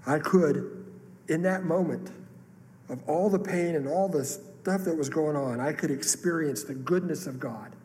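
A man's voice: a little high, measured pace, darkish tone, a little hiss or hum. A man preaching a sermon, telling a personal story with earnest emotion. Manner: earnest, emotional testimony with rising outbursts. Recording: long hall reverb, faint room ambience.

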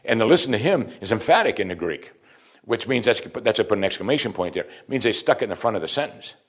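A man preaching a sermon, animated, acting out the quoted lines and chuckling as he explains. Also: on the low side, quick pace, husky.

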